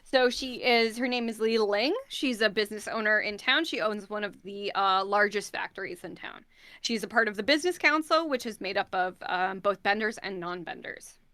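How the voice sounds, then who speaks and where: A woman's voice: mid-range voice, moderate pace, bright, forceful tone, no echo. A young adult woman narrating as game master in a tabletop game, casual with many fillers.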